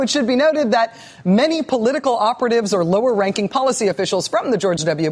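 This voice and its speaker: A woman hosting a cable news show, delivering sardonic, mocking commentary with quick asides and stammered restarts. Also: on the high side.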